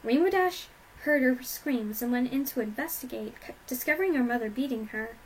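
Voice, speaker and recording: A bookish, anxious young unicorn mare, as a woman puts her on, pitched well above the reader's own voice. She speaks earnestly and stammers when flustered, in a homemade storybook reading with faint noise under it. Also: expressive, a little fast, natural voice, rough recording. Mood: formal.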